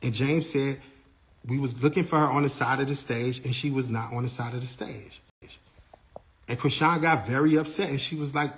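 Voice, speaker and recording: A man's voice: mid-range voice, moderate pace. A man, a tour manager, recounting an incident and acting out what each person said. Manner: animated retelling, acting out others' lines.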